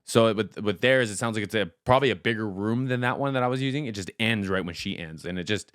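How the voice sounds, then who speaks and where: A man hosting a casual music reaction, excitable and laughing often, with lots of "like" fillers and casual swearing. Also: lowish voice, fast talker, smooth, dry recording, clean studio sound.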